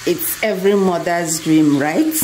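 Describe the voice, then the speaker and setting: A Nigerian woman filming a casual family vlog at home, gently coaxing her child and laughing often. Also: fairly low pitch, unhurried, slight background noise, low-quality recording. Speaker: family vlogger, mother.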